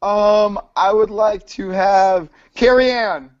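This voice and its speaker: A man's voice: high-pitched, slow, clean tone. A man guest answering eagerly and apologetically in casual chat. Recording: dull lo-fi audio.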